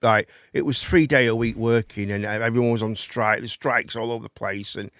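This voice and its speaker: A man's voice: lowish voice, steady tone, normal speed, a bit bright, no echo. A man, hosting a live chat and phone-in show, rambling and swearing casually. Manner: rambling, chatty, swears casually, calls people mate.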